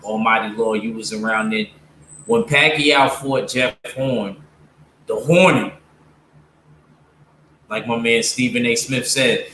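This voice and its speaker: Slow blunt man in an echoey room. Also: medium pitch, pushed and bright, slight background noise. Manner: blunt, opinionated, slangy, many fillers. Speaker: streamer talking boxing with viewers. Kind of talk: casual livestream commentary.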